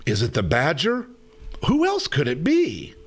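A friendly, curious bear from a children's storybook, voiced by a man pitched well above his own range. The voice is high and eager and swings widely. It sounds like a read-aloud story voice. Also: wildly swooping pitch, a little slow, heavily acted.

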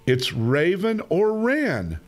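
A man's voice: high-pitched, huge pitch swings, takes it slowly, pitched above the performer's own voice, exaggerated voice. A man voicing a beckoning storybook badger. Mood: inviting. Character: badger beckoning the other animals. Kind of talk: children's story reading.

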